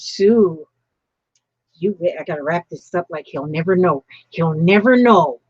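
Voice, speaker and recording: A woman's voice: lowish voice, a little mellow, dry recording, highs cut off. An older woman chatting casually while opening happy mail, gushing and exclaiming often. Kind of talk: casual live-stream chat.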